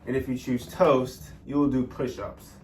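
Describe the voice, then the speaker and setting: A man teaching a guided workout lesson, explaining each step with many ums and pauses. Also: mid-range voice, level tone, far from the mic, a little hiss or hum. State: out of breath during exercise. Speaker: fitness instructor. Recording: echoey room, voice off-mic.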